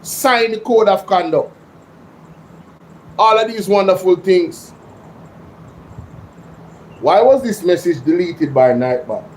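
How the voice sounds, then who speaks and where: A man with a Jamaican accent hosting a casual livestream, talking excitedly to his chat and slipping into patois. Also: sits high, takes it slowly, long pauses, a little hiss or hum, poor audio. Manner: excitable, slips into patois, addresses chat directly. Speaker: livestream host.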